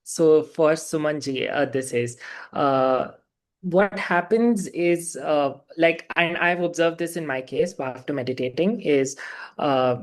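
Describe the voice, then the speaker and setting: A man, a class participant sharing his experience in a halting, reflective way. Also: fairly high pitch.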